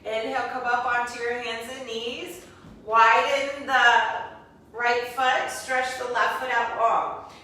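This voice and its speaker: A woman teaching a guided yoga class, calmly cueing each move step by step with spiritual encouragement. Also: on the high side, slow pace. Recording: very echoey room, voice from a distance.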